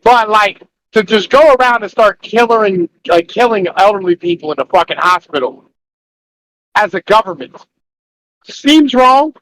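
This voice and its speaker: A crude, rambling man riffs in a casual political chat, often incredulous. His voice sits high for a man. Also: lively intonation, normal speed, a bit bright, dry recording, rough recording.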